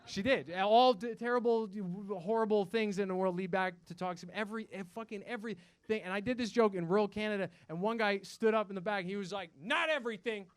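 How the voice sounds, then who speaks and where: A man's voice: high voice, steady tone, brisk, clear, resonant tone, no room sound. A young man performing a self-mocking stand-up set in a comedy club, swearing and acting out voices.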